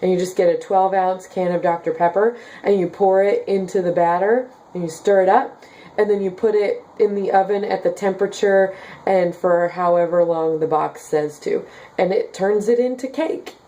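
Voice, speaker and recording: Brief: young woman vlogger, Midwestern base with a light Southern lilt, mellow tone, chatty and filler-heavy. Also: on the low side, steady tone, moderate pace. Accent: slight Southern with Midwestern base. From Kansas. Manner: chatty, many "like" and "um" fillers, giggly. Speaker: vlogger reading viewer comments. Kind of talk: casual chat.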